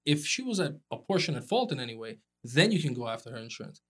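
A man's voice: mid-range voice, big pitch swings, fast talker, husky. A man who is a personal injury attorney, explaining legal points with examples in casual podcast chat.

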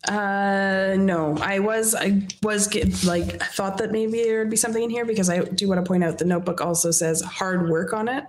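A woman's voice: mid-range voice, fairly even intonation, normal speed, few pauses. A woman, a podcast co-host, chatting playfully and laughing often. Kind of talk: casual chat.

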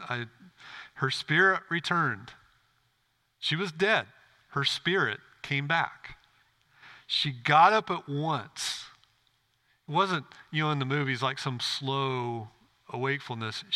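A man's voice: medium pitch, sharp tone. A man pastor preaching a sermon in a church, earnest and direct, often asking the congregation questions.

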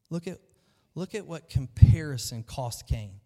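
A man preaching a sermon to his church, lively and emphatic, often acting out the voices of the people in his story. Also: mid-range voice, unhurried. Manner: animated preaching, acts out quoted voices. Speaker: pastor. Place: large church hall. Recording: long hall reverb.

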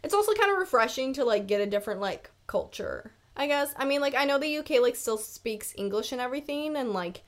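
A woman's voice: high voice, animated, brisk, hardly any pauses. A woman in her twenties hosting a casual solo podcast from her room, rambling and laughing, with "like" in almost every sentence. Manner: chatty, rambling, laughs a lot, says "like" constantly. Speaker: podcast host. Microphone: camera mic on her desk.

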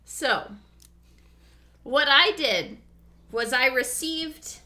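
Bright, slow-talking woman. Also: a little high, big pitch swings. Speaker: podcast co-host. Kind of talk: casual podcast chat.

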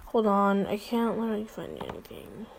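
A woman's voice: medium pitch, huge pitch swings, moderate pace, vocal fry, a little hiss or hum, poor audio. A teenage girl hosting a pretend talk show, rambling and giggly, with lots of fillers. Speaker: host. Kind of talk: casual chat with mock interview.

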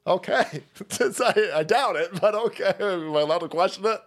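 A man ranting on a livestream, foul-mouthed and excitable, laughing between his remarks. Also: high voice, moderate pace. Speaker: streamer.

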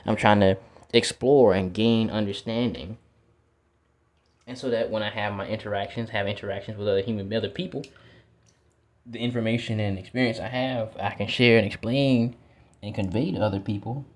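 A teacher muses outdoors with his feet in the water, speaking in a casual, reflective monologue that repeats words and includes the occasional swear. His voice is lowish and steady, at a normal speed.

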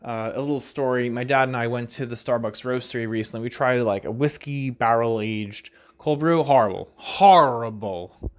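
A man hosts a casual solo podcast, talking briskly in a mid-range voice with hardly any pauses. He rambles loosely and relaxed, leaning heavily on fillers like "like" and "right?", and laughs easily now and then.

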